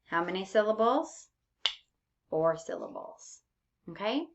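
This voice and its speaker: Woman teacher for a recorded lesson: unhurried, patient, drawn-out examples, muffled lo-fi sound. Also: medium pitch, animated. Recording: dull lo-fi recording.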